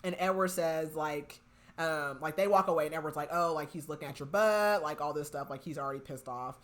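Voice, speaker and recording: A woman's voice: sits low, brisk, a bit bright. A young woman hosting a podcast, casually retelling a novel's plot and filling her speech with "like". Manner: chatty, heavy use of "like", retells scenes with quoted lines. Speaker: podcast host. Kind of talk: casual book recap.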